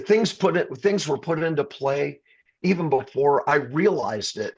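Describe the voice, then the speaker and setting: A man's voice: fairly high pitch, lively intonation, measured pace, husky, dull audio. A middle-aged man from the Chicago area, a rock singer, telling an emotional story in an interview, stumbling and restarting and getting choked up. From Chicago area, USA.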